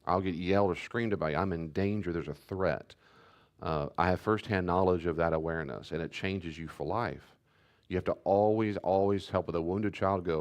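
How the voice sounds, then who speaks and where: A man's voice: low-pitched, steady tone, normal speed. A middle-aged man, a pastor, teaching a church class in a conversational way, repeating his key points and restarting sentences as he goes.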